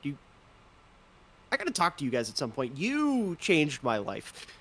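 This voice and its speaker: A man's voice: on the high side, wildly swooping pitch, a little slow, fairly bright tone, exaggerated voice. A man voicing a disgruntled male drow in a suit, clipped and impatient, then formally polite.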